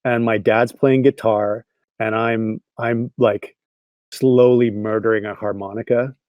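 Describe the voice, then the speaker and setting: A man's voice: lowish voice, fairly even intonation, measured pace, no room sound, highs cut off. A man with a Canadian accent, a game composer chatting in an interview, enthusiastic and rambling, laughing often. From England, Cornwall. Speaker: video game composer and voice director. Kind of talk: casual interview chat.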